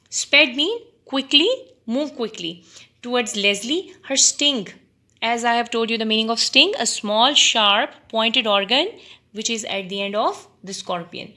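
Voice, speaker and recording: A woman teacher reading a story aloud to students, pausing deliberately to define words and quiz them. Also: a little high, sharp tone.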